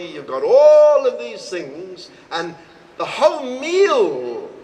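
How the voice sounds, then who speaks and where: A man, a swami, giving a devotional talk to a live audience, telling stories slowly and acting out the dialogue. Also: rough recording. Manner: slow, storytelling, acts out dialogue with expressive rises in pitch. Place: retreat hall, recorded live.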